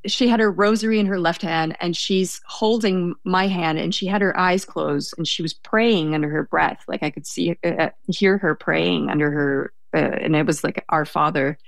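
Young woman, low gravelly voice, dry close sound, hesitant storytelling. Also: steady tone, normal speed, hardly any pauses, no room sound. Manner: hesitant, self-correcting, laughs while telling. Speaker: guest telling a story. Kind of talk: conversational storytelling.

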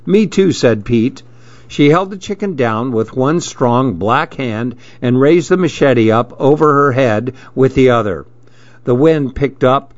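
A man narrating a story in a measured, steady reading voice, in a dull lo-fi recording. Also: medium pitch, no echo.

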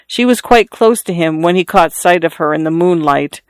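A narrator reading a literary story in a measured, steady way. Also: medium pitch, clean tone, no echo. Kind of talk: audiobook narration.

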